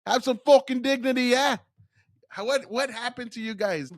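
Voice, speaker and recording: A man's voice: extremely high pitch, moderate pace, no echo, studio quality. A man hosting a profane reaction video, ranting in a heated, mocking way and laughing often. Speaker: commentary video host.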